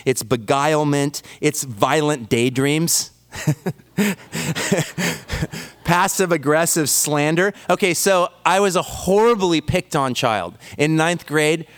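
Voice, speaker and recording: A man's voice: on the high side, clean tone. A man preaching a sermon, telling stories with self-deprecating humor. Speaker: pastor.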